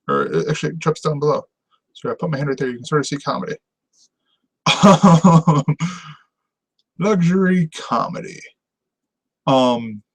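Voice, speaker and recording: In a low-quality recording, a man with a voice on the high side hosts a casual on-camera TV review show. He rambles enthusiastically and laughs a lot as he chats.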